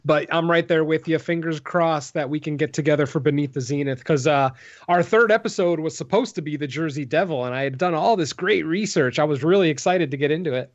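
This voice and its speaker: A man with a fairly high voice, talking casually on a horror podcast. He rambles through his updates with plenty of ums and you-knows. The audio is dull and lo-fi. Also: fairly quick. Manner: rambling, filler-heavy, laughs easily. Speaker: podcast co-host.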